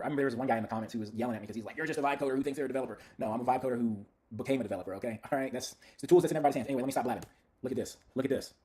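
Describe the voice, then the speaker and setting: A man rattles through a screen-share demo of his own software at a very rapid clip. His voice sits a little high for a man. He is chatty and hyped and talks straight to his viewers. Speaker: software creator demoing his own tool.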